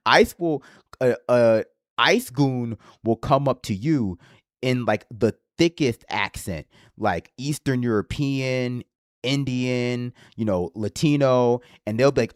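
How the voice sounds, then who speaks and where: This livestream host offers casual political commentary in a mid-range, animated voice, taking his time. He has a slight lisp and a sarcastic, rambling style, swearing freely. The sound is clean studio audio with no echo.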